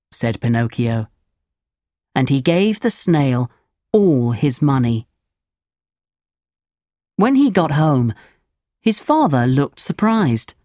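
A woman reading a children's storybook aloud, slow, clear and expressive. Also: deep voice, no echo, clean studio sound.

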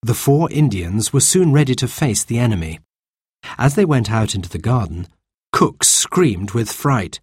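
A man reading a children's storybook aloud in a slow, lively narration. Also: medium pitch, husky, dry recording, clean studio sound.

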